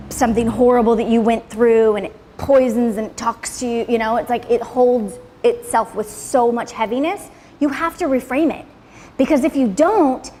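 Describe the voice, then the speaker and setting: A woman's voice: on the high side, darkish tone, big-room sound, a little hiss or hum. A woman leading a live motivational class, blunt and profane, checking in with "right?" constantly. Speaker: class leader. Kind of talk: casual motivational talk to a class. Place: salon room with live audience.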